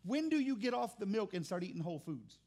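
Man, high-pitched, a pastor preaching with fervor in a chatty way. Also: big pitch swings, quick pace, warm tone. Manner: impassioned and conversational, with restarts. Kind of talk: sermon.

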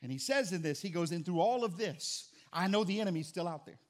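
A middle-aged man preaching a sermon as pastor, with dynamic delivery that swings from quiet to loud. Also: high-pitched, expressive, brisk.

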